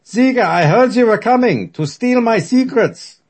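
A man voicing a manic male German mad scientist who barks orders in a thick German accent, loud and maniacal. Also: very high-pitched, lively intonation, measured pace, pitched above the performer's own voice, full character voice. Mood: menacing.

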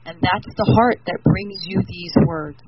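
A woman's voice: medium pitch, unhurried, faint music behind. A woman in her fifties telling a long personal spiritual story as a guest, in a meandering, repetitive way. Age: 50s. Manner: meandering, repetitive, soft-spoken. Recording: dull lo-fi audio with steady noise.

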